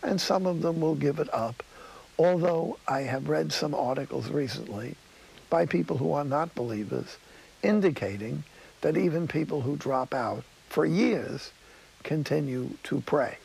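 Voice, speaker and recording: A man preaching a sermon in a studio, telling stories slowly and dropping to a whisper for emphasis. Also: a little high, gravelly, darkish tone, slightly rough, poor audio. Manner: storytelling, slow, drops to a whisper for emphasis.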